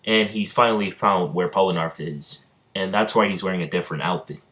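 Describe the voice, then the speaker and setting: A man's voice: low voice, brisk, a bit bright. A man casually narrating an improvised fan story, rambling with many hesitations. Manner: rambling, many fillers and restarts.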